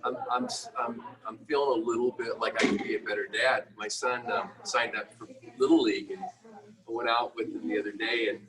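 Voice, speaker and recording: A middle-aged man, a business owner, telling a candid, self-deprecating story with many halting restarts. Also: mid-range voice, fairly even intonation, far from the mic, a crowd in the background, rough recording. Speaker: guest entrepreneur.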